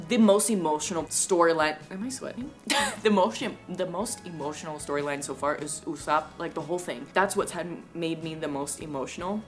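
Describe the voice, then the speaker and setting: A woman in a casual vlog chat reacting to a manga, gushing and rambling with lots of "like". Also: sits low.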